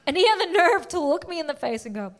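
A woman's voice: extremely high pitch, sing-song, fast talker. A young adult woman performing a stand-up comedy routine, telling a story and acting out the quotes.

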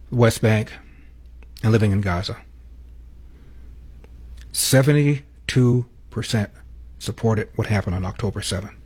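Husky man giving political commentary. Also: on the low side, darkish tone. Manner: emphatic, slows down on key figures. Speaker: host.

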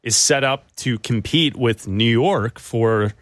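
A man hosts a sports talk radio show with a conversational delivery. His voice sits at an ordinary middle pitch. It is recorded dry and close, with no room sound. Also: slow, fairly bright tone, dry recording. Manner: conversational, takes callers.

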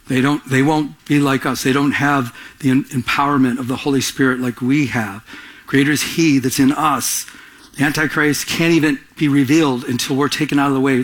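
A man's voice: mid-range voice, a bit bright. A man preaching a conversational Bible-study sermon, earnest and urgent, with frequent restarts. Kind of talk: sermon teaching.

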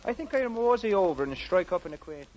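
A man's voice: sits high, animated, fast talker, darkish tone. An actor playing a jolly Irish cop turned into a male Irish setter dog, with a put-on Irish brogue, flirty and chuckling, in a 1940s radio comedy. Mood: flirtatious. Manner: blarney-filled, chuckling, flirtatious. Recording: dull noisy old radio recording.

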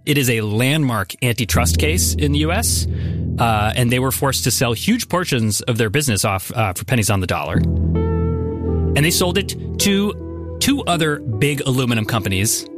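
Lively conversational podcast host, man. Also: medium pitch, moderate pace, loud music behind the voice. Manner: curious, conversational, frequent fillers. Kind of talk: scripted podcast storytelling with banter.

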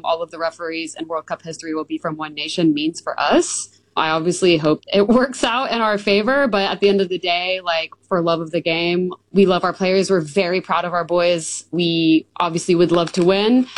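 A hoarse young woman, a community organizer, chatting upbeat in a radio interview. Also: fairly low pitch, normal speed, no room sound, rough recording. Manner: upbeat, chatty, laughs easily.

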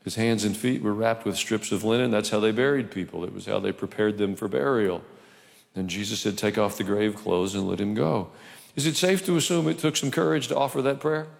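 A man's voice: on the low side, steady tone, brisk, vocal fry. A male pastor preaching a sermon in church, conversational with humorous asides. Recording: reverberant church hall.

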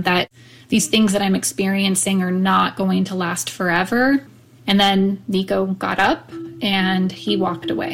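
A woman's voice: medium pitch, a bit bright. Woman recalling a hard moment, earnest. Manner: reflective, earnest, halting. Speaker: interviewee telling a personal story. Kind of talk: first-person recollection.

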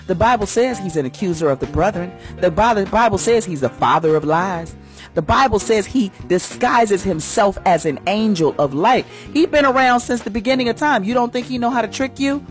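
A fervent woman giving a sermon-style message on morning radio. Her voice swings widely, dropping low and then leaping high for emphasis. She speaks with a folksy, heartfelt conviction. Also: expressive, fairly quick, soft background music. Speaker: radio host and church first lady.

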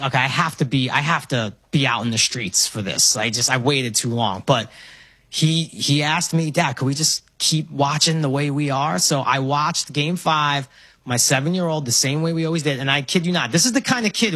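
A man's voice: on the high side, husky, no echo. A man in his forties from Brooklyn with a New York accent, chatting about sports and telling stories with lots of restarts. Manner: animated storyteller, many restarts. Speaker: guest. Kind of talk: casual sports talk.

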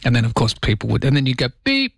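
Man, morning show host, casual monologue, wry asides, middle pitch, dry close sound. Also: flat delivery, very fast, creaky, breathy edge, no room sound. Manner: chatty, wry, mock-dramatic asides.

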